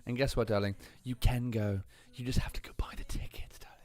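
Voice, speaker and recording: A man's voice: medium pitch, lively intonation, brisk, pitched below the performer's own voice, natural voice. A man putting on a sassy, vain darling-drawler. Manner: drawling, teasing, says darling often.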